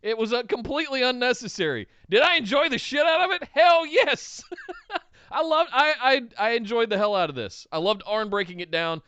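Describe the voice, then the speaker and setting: A man co-hosting a podcast, chatting about wrestling in an excitable, jokey way and reading out donations. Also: very high voice, normal speed, clear, resonant tone, dry recording. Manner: excitable, laughs often, jokey. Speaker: podcast co-host. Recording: dull lo-fi, dry sound.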